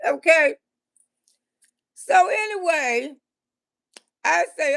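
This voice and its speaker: Very high gravelly woman. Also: takes it slowly, long pauses. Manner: animated, laughs often, curses freely. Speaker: comedian storyteller. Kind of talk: live story-time comedy.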